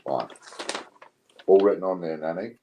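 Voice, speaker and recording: A British man hosting a casual live stream, relaxed as he counts down bids. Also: low-pitched, moderate pace, muffled recording, background noise. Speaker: live stream host running coin auctions.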